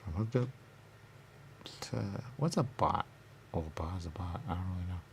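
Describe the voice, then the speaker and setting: A man with a low-pitched, animated voice rambles in circles at a moderate pace, asking himself questions and answering them. He repeats words and drops into sudden whispers. There's slight background noise.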